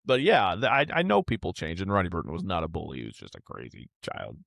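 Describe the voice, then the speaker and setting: A man's voice: sits low, big pitch swings, quick pace, vocal fry, fairly bright tone, no echo. A man in his thirties hosting a podcast, telling a personal story in a candid, rambling, heartfelt way with casual swearing. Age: 30s. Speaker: podcast host.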